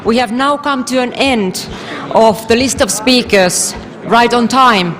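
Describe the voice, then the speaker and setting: A woman session chair closing a meeting with courteous, measured formal remarks. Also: fairly high pitch. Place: large assembly hall. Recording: crowd audible in a hall.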